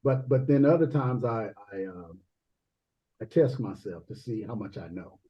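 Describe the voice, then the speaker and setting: A man chatting as a guest musician on a podcast, relaxed and laid-back, often dropping "man" into his sentences. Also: lowish voice, normal speed, highs cut off. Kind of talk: casual podcast chat.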